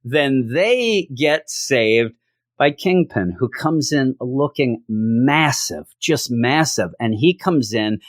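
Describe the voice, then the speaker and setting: A man's voice: medium pitch, slow pace, no room sound. A man reviews comics in a loose, joking way and keeps slipping into little voices for the characters. His voice sits in an ordinary middle register. The recording is dry and close, with no room sound. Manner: jokey, animated, acts out quotes from the story. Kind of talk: casual video review.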